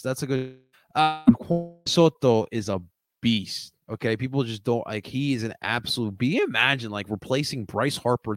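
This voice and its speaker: A young Philadelphia man runs a laid-back sports livestream, rambling and responding to his chat while swinging between loud outbursts and quiet mutters. The recording has no echo.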